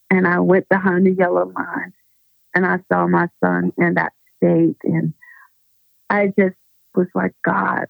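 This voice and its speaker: Woman guest, gravelly voice, fervent preacherly testimony, dry tinny phone line. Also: lowish voice, level tone, measured pace, dry recording. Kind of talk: personal faith testimony. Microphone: phone call.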